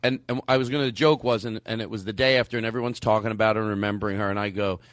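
A man's voice: fairly low pitch, steady tone, rapid-fire, a little hiss or hum. A man hosting a comedy podcast, telling stories animatedly with lots of fillers. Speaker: podcast host.

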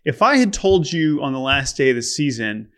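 A man's voice: mid-range voice, very animated, normal speed, fairly bright tone. A man co-hosting a sports podcast, asking questions in a playful, casual way. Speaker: podcast co-host. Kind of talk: casual interview chat.

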